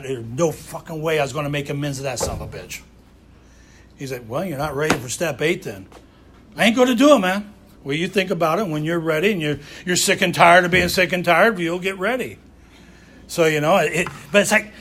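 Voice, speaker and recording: A man's voice: on the high side, a bit bright, a little hiss or hum. A middle-aged man with a Southern US accent giving a raw, blunt personal talk about recovery, swearing freely. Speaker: recovery speaker.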